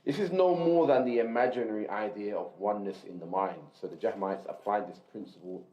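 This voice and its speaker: A man reads a religious text aloud to a class in a measured, explanatory way, pausing to gloss Arabic terms. His voice sits low. The recording is lo-fi and muffled, with noticeable room echo. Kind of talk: reading a text aloud with brief asides. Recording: roomy, dull lo-fi recording.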